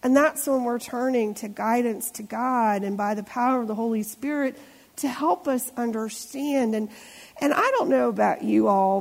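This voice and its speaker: Middle-aged woman pastor, relaxed conversational sermon, slightly high voice, reverberant sanctuary. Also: creaky. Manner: conversational, asks the congregation questions. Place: church sanctuary. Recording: long church reverb.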